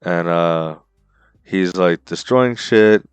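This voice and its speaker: A man with a very low, smooth voice recaps a story for his podcast co-host. He tells it with excitement and slang, dropping bro and dude often. The sound is close and dry, with no room around it. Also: slow pace, no echo, soft background music. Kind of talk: casual chat.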